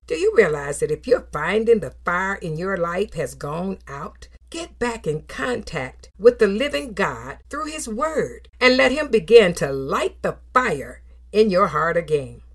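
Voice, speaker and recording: A middle-aged woman preaching with a lively, swooping pitch that rises and falls through every phrase. She counts off her points, quotes scripture, and fills pauses with approving hums and small laughs. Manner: emphatic, animated, with numbered points and scripture quotes; affirming hums and soft laughs between phrases. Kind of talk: sermon.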